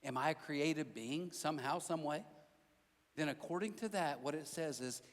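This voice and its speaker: Speaking at a moderate pace in a fairly high voice, a pastor delivers a sermon in a large church hall. His style is conversational storytelling, punctuated by emphatic repeated phrases.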